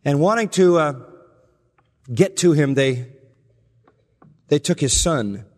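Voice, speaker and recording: A man preaching a sermon, telling stories earnestly and slowing down for the emotional parts. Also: fairly high pitch, animated. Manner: earnest storytelling, slows and softens for emotional quotes. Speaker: pastor. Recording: long reverb from a large hall.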